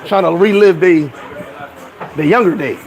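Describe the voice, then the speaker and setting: A New man in his forties, a bit higher-pitched than most men, spinning loose, profane stories and laughing at his own punchlines. His voice rides over a loud crowd chattering around him. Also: measured pace, a little hiss or hum, low-quality recording. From New York. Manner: animated, profane, laughing storyteller. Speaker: host. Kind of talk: casual storytelling chat.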